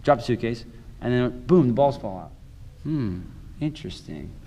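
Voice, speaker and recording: Fast-talking animated male juggler. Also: mid-range voice, poor audio. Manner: animated, acts out scenes and quotes. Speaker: juggler and stage performer. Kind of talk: casual storytelling interview.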